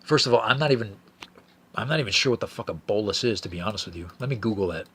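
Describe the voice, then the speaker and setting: Husky low-voiced male podcast host; crude, rambling, keeps restarting sentences. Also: animated, fast, fairly bright tone. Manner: profane, rambling, stammers and restarts. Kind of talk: casual solo podcast chat.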